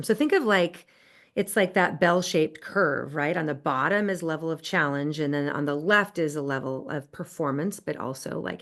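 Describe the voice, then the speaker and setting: A woman with a somewhat low voice talks through research findings on a podcast. Her delivery is conversational and enthusiastic, and she builds her points step by step. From United States. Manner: explanatory, enthusiastic, cites research. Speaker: podcast guest, positive psychology expert. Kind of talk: conversational interview. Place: Southern California.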